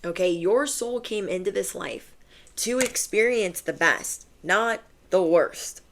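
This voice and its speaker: A woman's voice: medium pitch, takes it slowly, a bit bright, slight background noise. A young adult woman giving a channeled tarot reading to her viewers, casual and emphatic, full of slang and fillers. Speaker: tarot reader.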